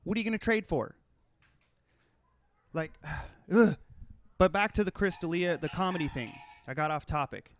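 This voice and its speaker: A man's voice: high voice, expressive, normal speed, pauses often, slight background noise. A man hosting a solo podcast, ranting bluntly and profanely in an exasperated, fed-up way. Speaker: podcast host.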